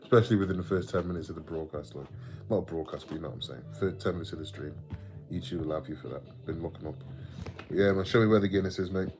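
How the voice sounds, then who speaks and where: A man's voice: sits low, fast, darkish tone, soft background music. A man with an English Midlands accent, rambling casually on a livestream, swearing freely and reading out viewer comments. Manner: chatty and rambling, sweary, laughs often, reads out viewer comments. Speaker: livestream host.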